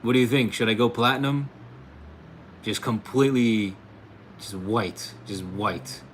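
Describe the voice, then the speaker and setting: There's a slight hiss or hum as a fairly low-pitched American man reads out chat messages at an unhurried pace. Hosting a casual livestream, he stays laid-back, laughs frequently, and tosses around "bro" and "dude."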